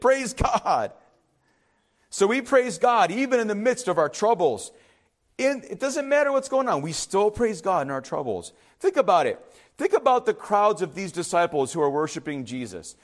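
A male pastor preaching a sermon, emphatic and swinging from loud exhortation to hushed asides. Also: high voice, very animated, moderate pace. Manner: emphatic preaching, rising and dropping sharply; acts out skeptics in hushed asides.

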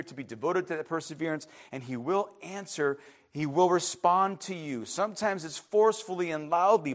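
A male pastor delivers a sermon in a high, light voice. He preaches emphatically and swings from loud, insistent outbursts to quiet, hushed asides.

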